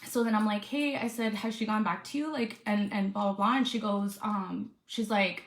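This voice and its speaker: A woman's voice: mid-range voice, fairly even intonation, moderate pace, hardly any pauses. Woman, influencer vlog, venting, upset, swearing, echoey room. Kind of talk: storytime vlog.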